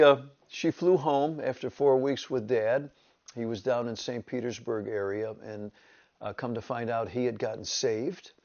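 A man's voice: medium pitch, vocal fry, muffled recording. A man, a pastor telling his personal testimony in a storytelling way. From upstate New York. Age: 70s. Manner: storytelling, lively retelling with quoted voices.

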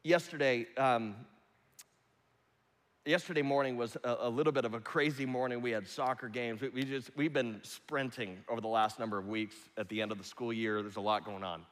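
A man preaching a sermon, with loud rising appeals that drop to hushed, almost whispered lines. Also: medium pitch, fairly even intonation, fairly quick. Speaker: pastor. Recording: long reverb of a large hall.

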